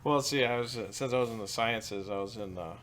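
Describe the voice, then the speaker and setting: A man's voice: lowish voice, a little fast, a bit bright. A young man co-hosting a podcast, chatting in an easygoing way about his college days and laughing along. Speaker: podcast co-host. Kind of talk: casual chat.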